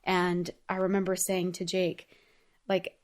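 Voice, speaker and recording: A woman's voice: on the low side, completely flat delivery, a little slow. A woman hosting her own show, talking through a personal story in an earnest, heartfelt way, chatty and full of casual fillers. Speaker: podcast host. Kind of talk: personal reflective monologue.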